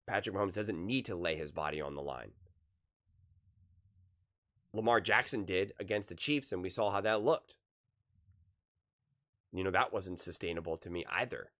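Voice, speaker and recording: A low, fairly bright male voice belongs to a sports channel host offering heated, casual opinions to camera. His delivery involves repeated words and restarted sentences.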